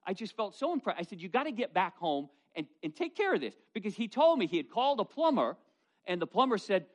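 A middle-aged male pastor preaching a sermon, telling folksy personal stories in an animated way. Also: high voice, quick pace. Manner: storytelling, animated, folksy asides.

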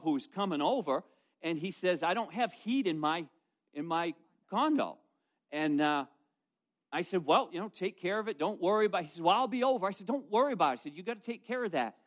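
A middle-aged male pastor preaching a sermon, telling folksy personal stories in an animated way. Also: high voice. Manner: storytelling, animated, folksy asides.

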